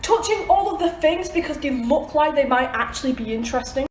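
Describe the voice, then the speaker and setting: A woman with a high voice runs through a quick list in an upbeat, matter-of-fact way. The room around her is echoey. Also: lively intonation, slight background noise. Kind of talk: quick list-style vlog.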